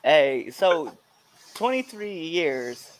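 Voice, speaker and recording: A man hosting a casual interview podcast, with a voice sitting a little high for a man. He laughs often and acts out what people said to him as he tells a story, and a faint hiss runs under it. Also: sing-song, very slow. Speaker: podcast host.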